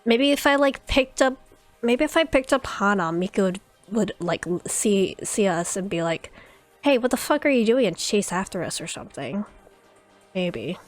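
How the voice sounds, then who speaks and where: A woman's voice: mid-range voice, moderate pace, faint music behind. A woman streaming a story game, chatting curiously and reading the text aloud. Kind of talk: playthrough commentary and reading aloud.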